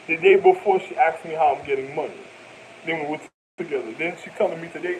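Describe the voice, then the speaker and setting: Young man, higher voice, rambling, animated, profane slang, faint background noise. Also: fast, low-quality recording. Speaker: vlogger. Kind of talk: rambling personal storytelling.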